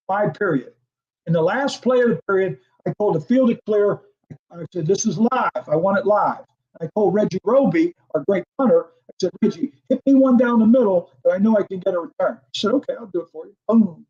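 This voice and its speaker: This older ex-football coordinator, a guest in an interview, has a high-sitting voice and a brisk delivery, with the highs cut off in the audio. Animated and quick to laugh, he acts out every bit of quoted dialogue in his story.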